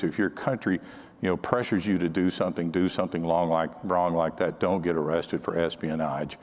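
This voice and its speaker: Speaking at a conference in a low voice, an older man shares counterintelligence stories with his audience in a conversational style, frequently starting sentences over. The recording has a long reverb tail.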